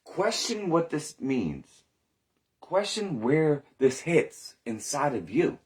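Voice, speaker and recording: A man in recovery tells his story in a candid, rambling monologue, swearing often and questioning himself aloud. His voice is on the high side, sing-song and slow.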